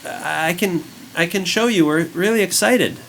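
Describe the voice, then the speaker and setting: An excited young child helper, as a man puts the voice on, keen and quick to please. The voice is pushed well above his own, with a gravelly edge beneath. A faint hiss sits behind it. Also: sits high, voice pushed up, heavily acted, rough recording. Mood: eager. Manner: bright, eager and quick.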